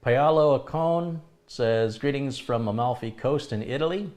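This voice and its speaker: Unhurried and a little mellow, a middle-aged man with a medium-pitched voice reads out viewer comments on his live chat stream. He replies in a chatty way and now and then chuckles at what he's said.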